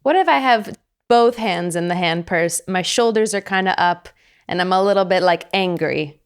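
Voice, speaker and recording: A woman's voice: fairly low pitch, moderate pace, clean tone. A young American woman hosting a casual chat, talking easily, correcting herself now and then and laughing often. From United States. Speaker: host.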